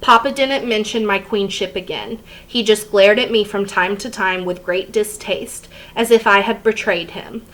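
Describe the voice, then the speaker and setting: A woman's voice: mid-range voice, normal speed, hardly any pauses, poor audio. Woman reading a memoir aloud to students. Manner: steady, plain read-aloud pacing. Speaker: teacher reading to a class.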